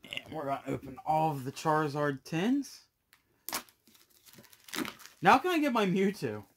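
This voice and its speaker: A man's voice: fairly high pitch, sing-song, unhurried, slight background noise. A man opening trading card packs on camera, talking to his viewers in a breathless, exclamatory way. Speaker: card collecting YouTuber. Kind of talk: casual pack-opening vlog.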